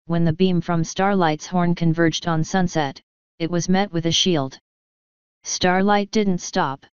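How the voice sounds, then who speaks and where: A woman narrating a fan fiction story in an even, steady reading, in a slightly dull, dry recording. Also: fairly low pitch, unhurried, smooth, no echo.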